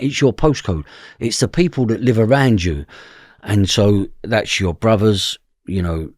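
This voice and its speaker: A man's voice: on the low side, a little mellow, no room sound, studio quality. A man with an East London accent, a podcast guest telling stories about his past and acting out the voices of other people. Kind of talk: storytelling interview.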